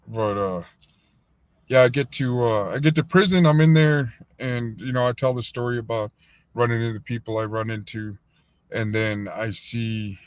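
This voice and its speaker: Guy on a livestream telling a rambling story, cussing a lot, lots of "like" and "um", dull dry audio. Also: no echo. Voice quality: acts out other people's voices in a higher pitch. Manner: profane, rambling, many fillers. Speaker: livestream host. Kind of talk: casual storytelling.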